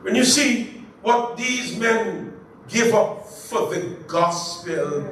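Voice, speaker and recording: A pastor leading a Bible study, lively and joking, asking the congregation to finish his phrases. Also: sits high, extremely slow. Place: church. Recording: echoey church room, far from mic, faint hiss.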